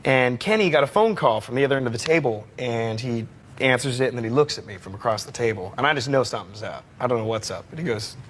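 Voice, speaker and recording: A man telling a story casually in an interview, animated, laughing often and stumbling over his words. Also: medium pitch, fast, a little hiss or hum. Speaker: interview guest.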